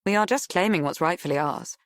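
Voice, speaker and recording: A woman's voice: on the low side, brisk, no echo, clean studio sound, close to an everyday voice. A woman doing a prim, accusing wife. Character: prim, cold woman interrogating her former friend.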